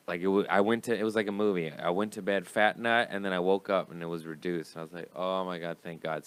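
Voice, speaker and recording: Deep-voiced man telling a rambling story. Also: smooth. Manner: rambling, profane, animated storyteller. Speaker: comedian guest. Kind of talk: casual storytelling chat.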